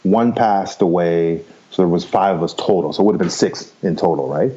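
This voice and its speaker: Man, 50s, podcast guest, very low voice, frank storyteller, muffled audio. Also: a little fast, dark tone. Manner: frank, rambling, laughs easily, swears casually. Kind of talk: candid storytelling interview.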